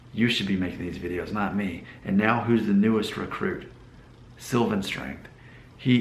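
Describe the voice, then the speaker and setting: Gravelly man with faint Southern hints. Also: lowish voice, echoey room, a little hiss or hum, poor audio. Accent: mild Southern US. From Alabama, US South. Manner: rambling, conversational, rhetorical questions. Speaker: hair loss YouTuber. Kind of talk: casual vlog monologue to camera.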